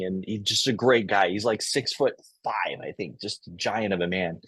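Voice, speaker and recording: A man hosting a business interview, telling a story in a relaxed, conversational way. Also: lowish voice, a little slow, husky, dry recording. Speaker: host.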